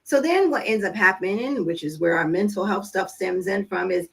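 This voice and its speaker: A woman's voice: mid-range voice, normal speed, creaky, hardly any pauses, breathy edge, rough recording. A woman vlogging to camera about parenting in a casual monologue, telling stories and acting out what people said, with an earnest, coaching tone. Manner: conversational storytelling, acting out quoted dialogue; earnest, coaching tone with direct questions to listeners.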